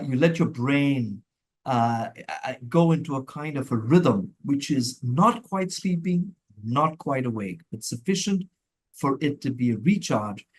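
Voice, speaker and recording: A middle-aged man from India, a mental health professional answering interview questions in a thoughtful, measured way with frequent restarts. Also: mid-range voice.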